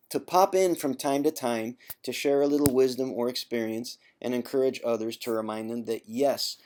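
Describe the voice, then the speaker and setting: A man speaking straight to camera in a casual vlog monologue, at an ordinary middle pitch for a man. His delivery is emphatic and teasing, the tough love of a former sufferer coaxing others along, and he often pauses to clear his throat. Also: darkish tone. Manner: conversational, with frequent throat clearing. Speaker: former chronic pain sufferer giving advice.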